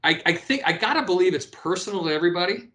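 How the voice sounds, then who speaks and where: His voice sits high and races along: a man in his fifties, once a professional beach volleyball player, telling stories as a guest in a relaxed interview. He's animated, keeps restarting, and peppers his talk with "right?"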